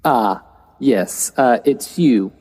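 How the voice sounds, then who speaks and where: A man playing a tabletop game, speaking in a dry, halting way. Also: medium pitch, lively intonation, darkish tone, slightly rough, rough recording. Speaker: player. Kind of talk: casual tabletop game chat.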